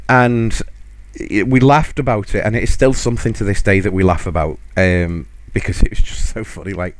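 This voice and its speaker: A man's voice: fairly low pitch, steady tone, normal speed, hardly any pauses, no room sound. A man hosting a podcast, chatting casually and laughing often as he tells a story. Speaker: podcast host.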